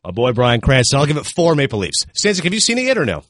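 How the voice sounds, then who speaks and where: A man reviewing films in a casual chat, animated and retelling scenes with quick asides. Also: mid-range voice, dry recording, clean studio sound. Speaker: film critic.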